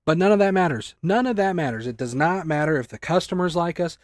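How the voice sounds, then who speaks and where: A man in his twenties, a store clerk, ranting angrily and swearing a lot, often rising close to a shout. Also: fairly high pitch, expressive, quick pace, no echo. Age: 20s. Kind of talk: angry rant to camera.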